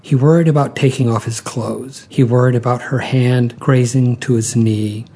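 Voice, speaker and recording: A man reading a short story aloud in a calm, measured way. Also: medium pitch, husky. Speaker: narrator.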